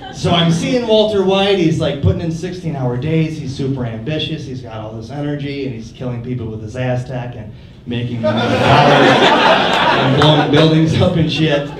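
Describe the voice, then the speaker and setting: A young man doing a stand-up set in a comedy club, deadpan with quiet mumbled asides. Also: medium pitch, moderate pace, a loud crowd. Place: comedy club stage, live audience. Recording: roomy club audio from a distance, loud noise.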